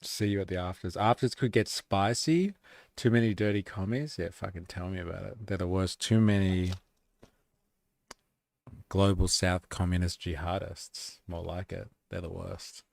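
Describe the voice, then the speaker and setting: A man's voice: deep voice, steady tone, unhurried, gravelly, no room sound. A man hosting a live stream, chatting casually, swearing and reading chat comments aloud. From Australia.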